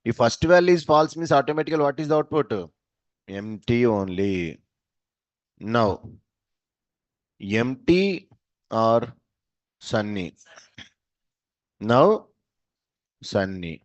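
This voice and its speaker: A man's voice: mid-range voice, sing-song, slow, long pauses, no echo. A male programming teacher, running a class by asking short questions and answering them himself. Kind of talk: live coding class. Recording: dull, dry lo-fi sound.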